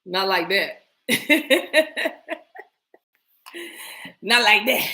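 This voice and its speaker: Brief: playful woman spiritual reader, bright and forceful tone, casual chat with viewers. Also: medium pitch, unhurried, pauses often. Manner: animated, breaks into bursts of speaking in tongues; playful, laughs often, talks to viewers as y'all. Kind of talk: casual spiritual reading session.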